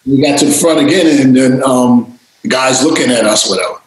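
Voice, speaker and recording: A man telling stories in a casual interview, animated and freely swearing, acting out voices. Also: mid-range voice, a little fast, heavy reverb, rough recording. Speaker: interview guest, DJ and producer.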